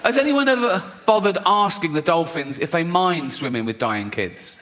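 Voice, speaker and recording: A man's voice: a little high, lively intonation, moderate pace, a bit bright, some chatter behind. Sweary English stand-up comedian, man. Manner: sweary, mocking, acts out voices. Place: large theatre with audience.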